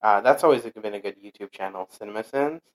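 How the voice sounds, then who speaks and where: A man's voice: on the low side, fast talker, rough recording. A young man chatting casually, rambling with lots of fillers and restarts. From Portuguese heritage. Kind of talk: casual chat.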